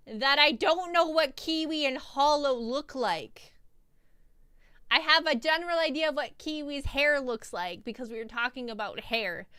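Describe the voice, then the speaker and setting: A young woman vtuber telling a rambling, animated story in a casual recap, laughing often. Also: high voice, clean tone, no room sound, clean studio sound. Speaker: vtuber streamer.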